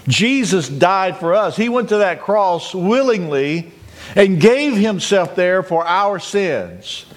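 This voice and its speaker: A male pastor preaching a communion sermon, retelling scenes dramatically and acting out joyful cries. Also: high-pitched. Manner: dramatic, acts out shouted cries.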